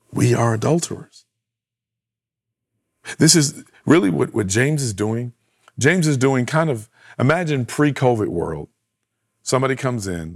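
A man's voice: lowish voice, no room sound, clean studio sound. A man preaching a sermon as pastor, earnest, asking rhetorical questions and repeating phrases.

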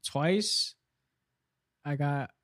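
A man's voice: fairly high pitch, drawn-out words, a bit bright, no room sound, studio quality. A man co-hosting a podcast, telling stories in a loose, rambling way full of "like" and restarts. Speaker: podcast co-host. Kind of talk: casual storytelling chat.

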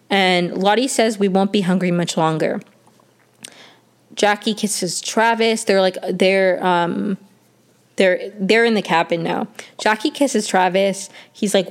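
A woman's voice: medium pitch, measured pace. A young woman casually recapping a TV episode, chatty and full of fillers and restarts. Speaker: show recap host.

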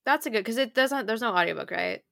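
A woman co-hosting a podcast in casual chat, reacting with quick interjections. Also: a little high, lively intonation, gravelly, pushed and bright, dry recording, clean studio sound. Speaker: podcast co-host.

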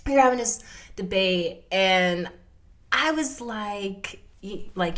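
A woman's voice: mid-range voice, unhurried, slight background noise. A young woman hosting a casual conversation podcast, telling a story with lots of fillers. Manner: animated storytelling, many fillers. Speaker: podcast host.

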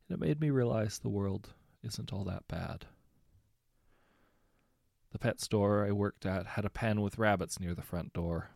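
Male storyteller with a raspy, fry-edged voice, easygoing delivery, dry booth-like recording. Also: fairly low pitch, measured pace, dry recording. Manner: relaxed, conversational storytelling with self-corrections. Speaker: story narrator. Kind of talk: reading short anecdotes aloud.

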